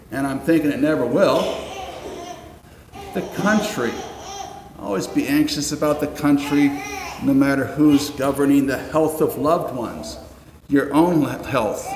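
Wry preaching man in an echoey church. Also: fairly high pitch. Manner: conversational, wry asides, rhetorical questions. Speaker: pastor. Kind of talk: sermon. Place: church sanctuary. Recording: roomy echoing hall, faint ambience.

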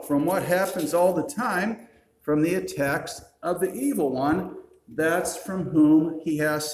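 A male pastor delivers a sermon. He works through his argument with dry humor and asks the listeners questions. His voice sits a little high and echoes around a roomy space. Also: a little mellow. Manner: reasoning, wry, rhetorical questions. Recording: roomy echo.

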